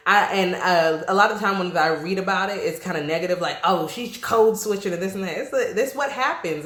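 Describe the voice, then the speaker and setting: A woman with an East Coast accent, chatting casually to camera with lively, slangy asides and frequent laughter. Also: fairly low pitch. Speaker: vlogger. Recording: roomy echo.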